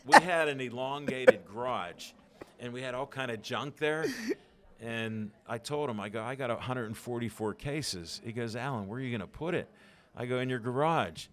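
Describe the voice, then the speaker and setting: Older man from Pittsburgh, guest storyteller, acts out quotes, mid-pitched voice. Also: normal speed. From Pittsburgh, USA. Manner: animated storyteller acting out quoted dialogue. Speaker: podcast guest. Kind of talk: storytelling interview.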